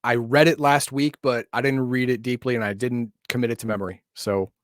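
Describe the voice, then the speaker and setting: A man's voice: medium pitch, fairly even intonation, fairly quick, no room sound, clean studio sound. A man co-hosting a casual chat, explaining tabletop game lore in a loose, hedging way. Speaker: podcast co-host.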